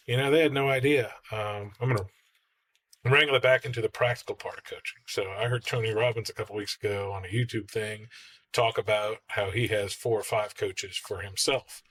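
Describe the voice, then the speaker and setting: A man's voice: lowish voice, fairly quick, husky. A man hosting a podcast, telling stories in casual chat and acting out the quotes. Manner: animated storyteller, acts out quotes. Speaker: podcast host.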